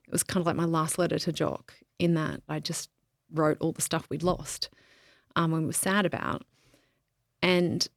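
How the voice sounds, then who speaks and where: Creaky-voiced grieving woman, candid. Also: sits low, steady tone, no echo, clean studio sound. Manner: candid, searching, with pauses and restarts. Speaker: podcast guest. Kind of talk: reflective interview conversation.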